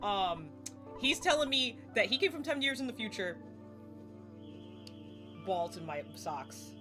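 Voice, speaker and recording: A young woman streaming a game live, chatting excitably, laughing and swearing casually as she plays. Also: medium pitch, a little slow. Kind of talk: live gameplay commentary. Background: faint game music.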